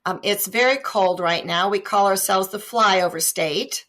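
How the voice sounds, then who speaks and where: Female guest from Iowa, medium pitch, easygoing anecdotal delivery, remote call. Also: unhurried, fairly bright tone. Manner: chatty, tells anecdotes with humor. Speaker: podcast guest. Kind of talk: casual storytelling interview.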